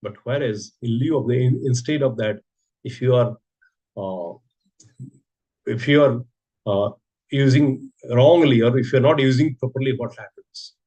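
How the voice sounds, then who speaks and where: A man's voice: medium pitch, measured pace, long pauses, dark tone, highs cut off. A man giving a sermon, telling a story and asking rhetorical questions. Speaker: preacher giving a scripture class.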